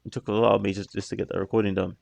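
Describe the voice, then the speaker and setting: A man's voice: lowish voice, little pitch movement, rapid-fire, creaky, a little mellow, no room sound. A man giving casual reaction commentary on a music video, musing in a stop-start way with apologetic asides.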